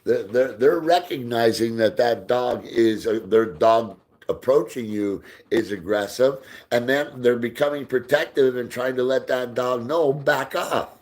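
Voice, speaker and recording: A man hosting a casual live stream, reading out viewer comments, answering them, and talking softly to his dog while they play ball. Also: medium pitch, unhurried, few pauses. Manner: reads out and answers viewer comments, often drops into soft baby talk for his dog. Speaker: livestream host.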